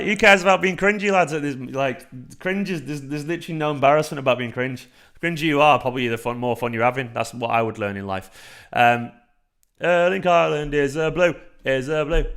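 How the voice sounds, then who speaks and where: A man in his thirties hosting a casual fan livestream, excitable and sweary as he reacts to the chat. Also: medium pitch. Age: 30s. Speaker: fan channel livestream host.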